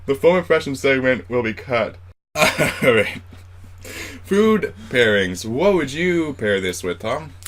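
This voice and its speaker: A man's voice: mid-range voice, very animated, slow pace, a bit bright, a little hiss or hum. A man co-hosting a casual beer review, talking in a playful, rambling, joking way. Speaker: co-host of a beer review show. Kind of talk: casual chat.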